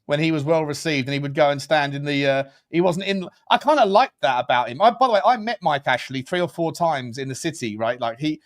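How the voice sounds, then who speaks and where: A man's voice: a little high, brisk, hardly any pauses. A man co-hosting a casual football chat show, telling rambling, chatty stories. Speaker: co-host.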